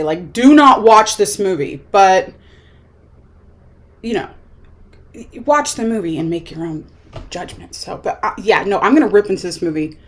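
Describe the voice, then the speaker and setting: A woman's voice: medium pitch, darkish tone. Chatty woman rambling about a movie. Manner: chatty, rambling, lots of "like" fillers. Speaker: vlogger reviewing a movie. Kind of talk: casual chat.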